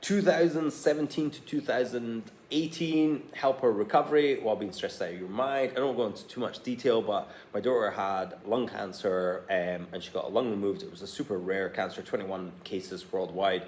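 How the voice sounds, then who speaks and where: A blunt, plain-spoken man in his forties, a health coach, reading from his phone and talking straight to camera. His voice sits fairly low. He records in a room with an echo and a faint hum of ambience behind him. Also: normal speed, hardly any pauses, darkish tone. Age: 40s. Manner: candid, blunt, swears casually. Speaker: personal trainer and health coach.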